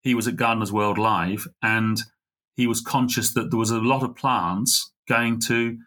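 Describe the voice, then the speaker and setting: A middle-aged man, a podcast guest, telling a heartfelt story in an earnest, halting way. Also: medium pitch, fairly even intonation, bright, forceful tone. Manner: earnest, halting, full of fillers and restarts. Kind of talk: conversational storytelling.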